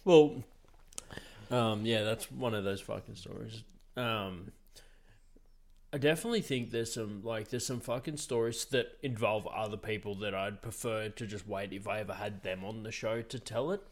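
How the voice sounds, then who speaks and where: A man's voice: on the low side, moderate pace. Laid-back young man swearing. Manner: laid-back, swears a lot, laughs often. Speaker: podcast host. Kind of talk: casual chat.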